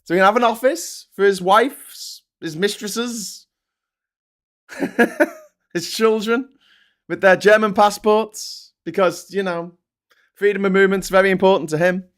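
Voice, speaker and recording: A man's voice: high voice, steady tone, a little slow, long pauses. A man ranting in political commentary, sardonic and profane.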